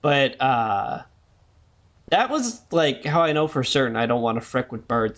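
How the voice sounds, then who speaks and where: A man's voice: medium pitch, very animated, measured pace, a bit bright. A man streaming a game, talking in rambling casual commentary full of jokey asides. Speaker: gaming streamer.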